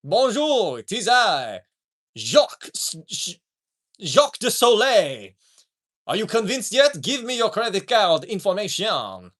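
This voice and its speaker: A mock-pompous French con man from a circus company, who wheedles for credit card numbers in a high, swooping, cartoonish put-on French accent, as a man hams him up. He breaks into a booming theatrical laugh between lines. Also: big pitch swings, a little slow, fairly bright tone, heavily acted. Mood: scheming.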